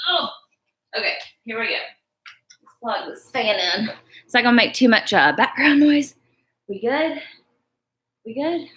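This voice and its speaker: A woman in her thirties talks to her live-stream viewers in a loose, rambling way. Her voice is bright and forward, mid-pitched, and she drifts from story to story while answering comments. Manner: chatty, rambling, reads comments aloud, says y'all. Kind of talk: casual live-stream chat.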